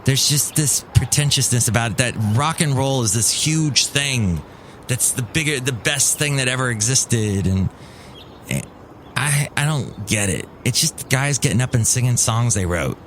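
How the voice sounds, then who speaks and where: A man's voice: medium pitch, measured pace, a bit bright, slight background noise. A man hosting his podcast, rambling in a cranky, casual monologue. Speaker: podcast host.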